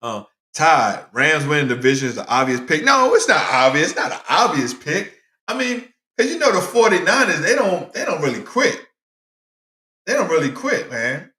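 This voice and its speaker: A man hosting a casual sports talk show, talking in an animated way and answering viewers by name. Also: on the high side, normal speed. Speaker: podcast host. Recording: roomy echoey room.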